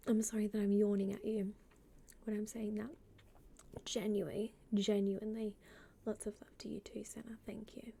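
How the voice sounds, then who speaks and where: Mellow-voiced woman streamer chatting casually. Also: medium pitch, flat delivery, moderate pace, gravelly, slightly rough. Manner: chatty, greets chat by name, often drops to a soft half-whisper. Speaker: live streamer. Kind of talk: casual live-stream chat.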